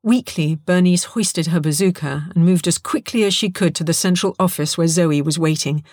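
A woman narrating an audiobook in a lively, expressive storytelling manner. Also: fairly low pitch, moderate pace, dry recording, studio quality.

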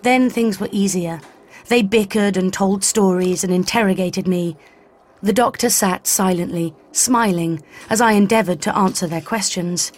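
Husky-voiced woman narrating a story. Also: medium pitch. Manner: even, measured storytelling. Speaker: audiobook narrator. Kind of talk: scripted first-person narration. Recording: faint background music.

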